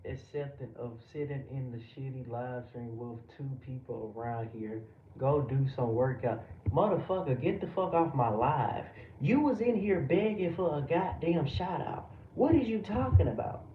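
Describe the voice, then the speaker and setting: A man's voice: medium pitch, normal speed. A man from the United States, a live streamer, ranting heatedly and profanely back at his chat. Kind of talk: livestream rant at chat. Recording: roomy, distant, dull lo-fi audio with background noise.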